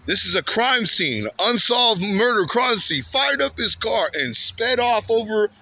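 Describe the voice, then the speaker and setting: High, bright-voiced man rambling outdoors. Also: big pitch swings, measured pace. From Santa Ana, California. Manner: rambling, repetitive, heated retelling; frequent "man" and "bro" tags. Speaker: vlogger. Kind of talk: walking vlog storytelling. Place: outdoors on a street.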